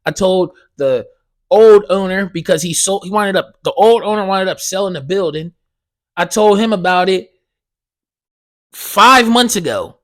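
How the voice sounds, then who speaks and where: A man's voice: high voice, a little slow. A man hosting a podcast, telling a heated, profane story and acting out both sides of the conversation. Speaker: podcast host. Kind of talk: casual ranting monologue.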